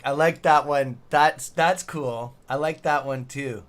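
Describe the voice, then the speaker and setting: A man's voice: fairly high pitch, measured pace, hardly any pauses, a bit bright. A middle-aged man casually hosting a live stream, reading chat aloud and bantering with loose swearing. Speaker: livestream trading host.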